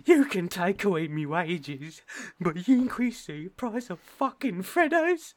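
A man putting on the voice of an indignant, melodramatic man who shouts his complaints in slow, drawn-out words. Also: sits high, expressive, pitched above the performer's own voice. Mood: mock outrage. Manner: mock-outraged, drawn-out.

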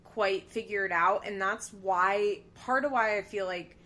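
A woman's voice: medium pitch, a little slow, bright, forceful tone. A young woman hosting a podcast, chatting casually and animatedly about a reality show, with lots of "like". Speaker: podcast host. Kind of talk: casual chat.

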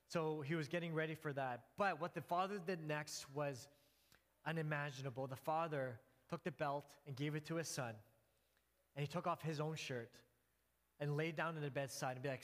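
A man preaching a sermon, telling a story in an earnest way, pausing and restarting as he goes. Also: a little high, fairly bright tone. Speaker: pastor. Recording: long hall reverb.

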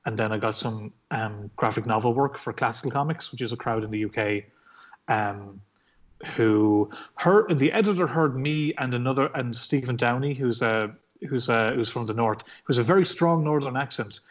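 A man's voice: mid-range voice, normal speed, muffled recording. An Irish man, a comic book artist, telling his story in a casual interview, rambling with lots of fillers and swearing. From Ireland.

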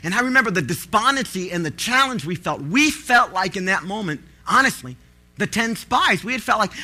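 Male pastor, high bright voice, lively storytelling sermon, loud pleading outbursts. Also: brisk.

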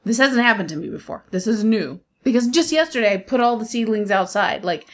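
A woman co-hosting a podcast in casual chat, talkative and animated and often laughing. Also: on the high side, fairly quick. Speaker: podcast co-host.

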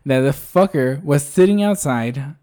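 A man's voice: fairly high pitch, expressive, unhurried, dark tone. A man casually telling a story on a podcast, swearing and laughing often. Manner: laughs often, swears, acts out voices in his stories. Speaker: podcast co-host.

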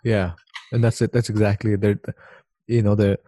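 A man's voice: fairly low pitch, level tone, normal speed, dark tone. A man with a slight lisp from a knocked tooth, chatting casually and rambling, often restarting his sentences. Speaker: conversation partner. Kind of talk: casual chat.

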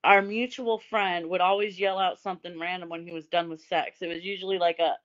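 A woman from Indiana in casual, raunchy chat, telling stories loudly and swearing freely. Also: fairly low pitch, fairly even intonation, brisk, muffled recording. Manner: loud, storytelling, swears freely.

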